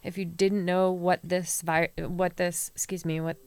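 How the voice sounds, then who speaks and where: A middle-aged woman co-hosts a casual talk show, speaking earnestly and personally. Her voice sits low with a gravelly fry, and the recording is dry and close. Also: little pitch movement, measured pace, a little mellow, no echo. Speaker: podcast co-host. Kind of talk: casual chat with live audience.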